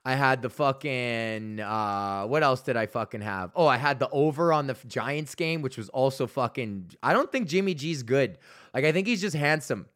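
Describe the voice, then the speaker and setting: A man's voice: medium pitch, expressive, normal speed, fairly bright tone. A male comedian hosting a solo podcast, ranting in a loose, rambling, profane way.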